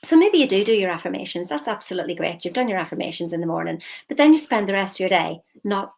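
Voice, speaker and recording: A woman mindset coach giving a lively, emphatic motivational talk straight to her viewers. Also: lowish voice, fast talker, gravelly. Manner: lively, emphatic, slips into quoted voices.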